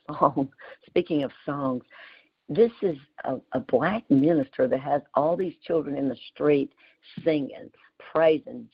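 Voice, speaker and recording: A woman, telling an animated story with exclamations on a group call. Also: low-pitched, gravelly, slightly rough, muffled recording. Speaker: community call participant.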